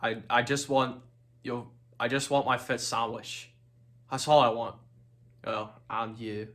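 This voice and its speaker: A man's voice: mid-range voice, steady tone, unhurried, a bit bright, lightly acted. A man voicing a nervous, rambling young Scottish engineer in a shaky attempt at a Scottish accent, stammering through a lovesick message. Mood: rambling, wistful. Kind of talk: acting-class impression.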